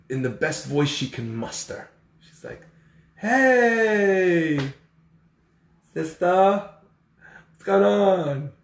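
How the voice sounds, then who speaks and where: A man telling a story in a sermon, acting out the people in it. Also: medium pitch. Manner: animated storyteller acting out voices. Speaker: speaker giving a talk. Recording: echoey room, far from the mic.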